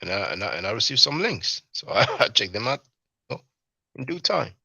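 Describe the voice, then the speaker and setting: A man hosting a livestream, commenting casually and talking in a halting way with many fillers and restarts. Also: mid-range voice, very animated, vocal fry, sharp tone, slightly rough, no echo, lo-fi sound. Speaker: livestream host.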